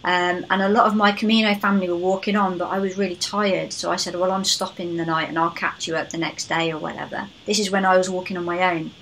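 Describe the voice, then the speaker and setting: A woman hosting a podcast, telling a story in a chatty, animated way. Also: fairly low pitch, fast talker, hardly any pauses, a little hiss or hum, poor audio. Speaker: podcast host. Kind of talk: casual podcast interview.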